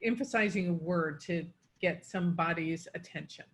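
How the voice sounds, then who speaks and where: A woman's voice: lowish voice, normal speed. A woman coaching pronunciation, explaining word stress and demonstrating it on example words.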